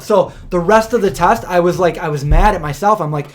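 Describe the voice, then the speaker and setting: A man hosting a livestream, telling stories in a casual, rambling way, full of fillers and animated retellings. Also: sits high, a little fast. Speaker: host of a livestream. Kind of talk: casual storytelling chat.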